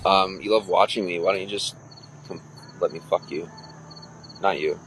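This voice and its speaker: A man's voice: low-pitched, normal speed, background noise. A man livestreaming, chatting casually with viewers and reading out their comments in a crude, boastful, rambling way.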